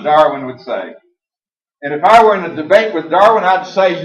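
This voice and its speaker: A man with a fairly high voice preaches a sermon in a church hall, emphatic and folksy, slowing down to stress each passage he quotes. He is picked up from a distance in a dull, echoey live recording. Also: animated.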